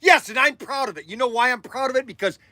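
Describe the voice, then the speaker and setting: A man's voice: extremely high pitch, fast, pushed and bright, no echo. An older man hosting a show, telling a long personal story in a rambling, emphatic way that repeats itself, getting emotional at times. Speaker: podcast host. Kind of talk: casual storytelling.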